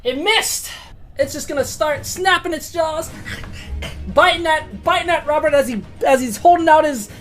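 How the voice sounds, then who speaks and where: A woman runs a tabletop game in a loose, swearing manner, laughing at the dice as she narrates. Her voice is high, with faint music in the background. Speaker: game master.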